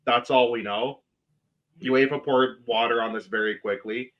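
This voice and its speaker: A man's voice: medium pitch, steady tone, measured pace, dull audio. A man co-hosting a casual podcast, blunt and opinionated, swearing freely as he lays out his argument. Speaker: podcast co-host.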